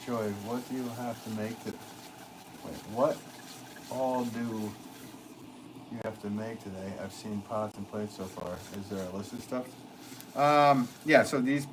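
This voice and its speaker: A man's voice: on the low side, background noise. A man chatting casually while he works during a live stream from his pottery studio, rambling, full of fillers, and laughing often.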